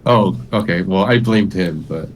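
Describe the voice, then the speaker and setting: A man's voice: low voice, unhurried. A man hosting a live trading room, joking and swearing while calling out trades. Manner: joking, profane, calls out trades. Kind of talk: casual trading chat.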